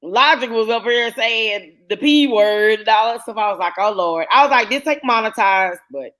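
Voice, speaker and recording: A woman's voice: on the high side, normal speed, fairly bright tone. A woman hosting a casual live-stream panel. She tells stories in a chatty way and acts out the lines she quotes.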